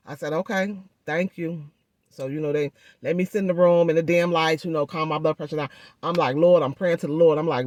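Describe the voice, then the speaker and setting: A woman vlogger telling a story in a chatty, animated way, speaking through a swollen jaw and addressing viewers directly. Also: sits low, brisk, no room sound. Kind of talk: casual storytelling vlog.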